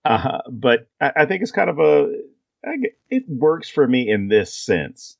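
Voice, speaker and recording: A man co-hosting a casual podcast, talking in halting, restarting sentences with his pitch rising and falling. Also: huge pitch swings, creaky, no room sound, highs cut off. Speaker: podcast co-host.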